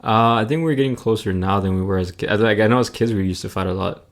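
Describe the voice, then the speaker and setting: Easygoing young man, lowish voice. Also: quick pace. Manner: easygoing, hedging with "like" and "I mean". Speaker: podcast guest. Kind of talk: casual chat.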